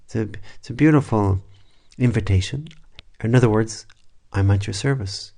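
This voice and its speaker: Gravelly low-voiced man in reflective meditation. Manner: reflective, unhurried, with soft asides and restarts. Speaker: priest leading a meditation. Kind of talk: spoken prayer meditation.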